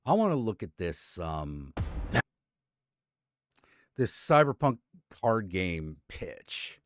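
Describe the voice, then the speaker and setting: An animated male streamer who swings his voice widely as he rants. He talks bluntly and swears a lot, in a dry room with no echo. His delivery is loose and conversational. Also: medium pitch, drawn-out words, long pauses. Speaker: streamer host. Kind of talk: casual live-stream commentary.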